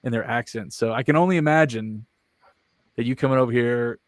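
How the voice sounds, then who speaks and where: A man's voice: medium pitch, brisk, dry recording. Guy hosting a podcast, chill and chatty, asks follow ups, dry sound. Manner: conversational, asks friendly follow-up questions. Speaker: podcast host. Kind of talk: casual interview chat.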